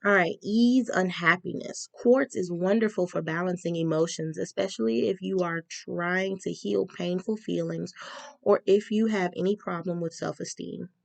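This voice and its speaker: A woman's voice: fairly low pitch, moderate pace, gravelly, dry recording. A woman giving a casual tarot reading, chatty and reading spell instructions aloud with frequent ums. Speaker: tarot reader.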